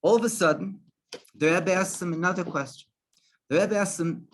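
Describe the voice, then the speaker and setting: Halting rabbi telling a story. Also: male voice, high-pitched, slight background noise. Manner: halting, many restarts and fillers. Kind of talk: storytelling talk.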